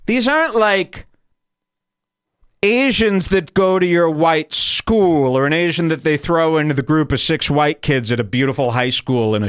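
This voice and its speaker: Animated, crude comedy podcast host. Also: male voice, on the high side, smooth, no room sound, clean studio sound. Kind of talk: comedic rant.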